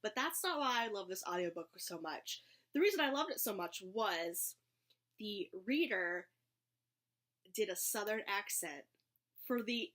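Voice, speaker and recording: A woman's voice: mid-range voice, expressive, measured pace, pauses often, a bit bright. A young woman chatting casually about books, gushing and rambling with restarts and giggles. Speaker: book vlogger. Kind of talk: casual chat, book review.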